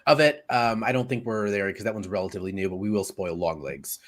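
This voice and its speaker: A man's voice: lowish voice, quick pace, a bit bright. A man co-hosting a casual movie review chat, rambling and searching for words with lots of fillers. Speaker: podcast co-host.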